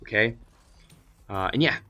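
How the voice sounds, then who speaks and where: A young man with a lowish voice recounts a story from his own life in a loose, rambling way. He swears constantly and breaks into animated, shouted rants. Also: a little slow. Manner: animated, profane, ranting bursts. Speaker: vlogger. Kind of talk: casual storytelling.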